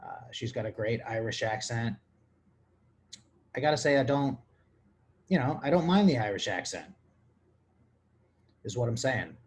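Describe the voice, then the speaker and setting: A man's voice: medium pitch, expressive, a little slow, pauses often. A man hosting his own podcast, drunk and rambling crudely through listener questions. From Texas. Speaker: podcast host. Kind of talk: casual comedic monologue answering listener questions.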